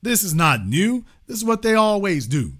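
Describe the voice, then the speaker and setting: Male host, bright forceful tone, emphatic, repeats himself, swings loud to quiet. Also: high voice, big pitch swings, moderate pace. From Louisiana. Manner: emphatic, repetitive, swings between loud and hushed. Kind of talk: impassioned political commentary.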